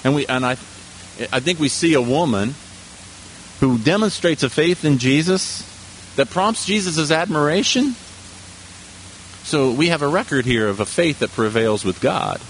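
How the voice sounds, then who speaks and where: A man's voice: fairly high pitch, animated, unhurried, pauses often, a little hiss or hum. A man preaching a sermon in a conversational manner, with asides and rhetorical questions to the congregation. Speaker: pastor.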